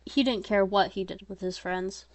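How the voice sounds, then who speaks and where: A woman reading her own story aloud in a plain, steady voice, now and then breaking into chatty, self-mocking asides. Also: mid-range voice, moderate pace, no echo.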